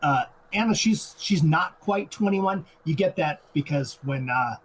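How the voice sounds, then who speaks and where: A man co-hosting a podcast, chiming in with short agreements and animated plot retellings in casual chat. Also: on the high side, measured pace, a little hiss or hum, low-quality recording. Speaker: podcast co-host. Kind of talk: casual movie commentary chat.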